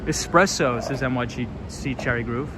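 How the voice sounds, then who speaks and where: A man's voice: mid-range voice, moderate pace. A young man chatting casually on a livestream, reading viewer comments aloud and answering them in an upbeat way. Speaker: livestream vlogger. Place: outdoors on city streets at night. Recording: street noise behind a loud outdoor stream. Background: loud traffic and city ambience.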